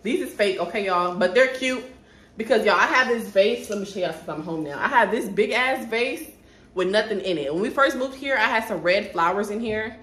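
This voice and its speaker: A woman's voice: medium pitch, expressive, normal speed, a bit bright. Chatty young woman vlogging from home. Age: 20s. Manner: chatty, talks straight to viewers, sidetracked. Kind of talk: casual haul vlog. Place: at home, indoors. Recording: echoey room with faint noise.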